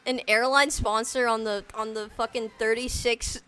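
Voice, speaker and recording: A woman's voice: on the high side, fairly even intonation, normal speed, pushed and bright, clean tone. A young woman chatting casually on a live game stream, rambling with lots of slang and filler words. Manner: rambling and slangy, heavy use of "like" and "dude". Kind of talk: casual live-stream chat while gaming.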